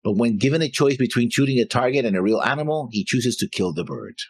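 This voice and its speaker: A man's voice: medium pitch, lively intonation, fast talker, husky, dry recording. A man co-hosting an anime reaction show, chatting casually and reading episode notes in a rambling, jokey, stumbling way.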